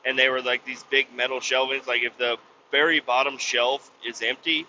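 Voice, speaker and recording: A man hosting a podcast, ranting bluntly with lots of swearing and sudden loud outbursts. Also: mid-range voice, level tone, moderate pace, a little hiss or hum. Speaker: podcast host. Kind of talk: profane comic rant. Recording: slightly dull lo-fi recording.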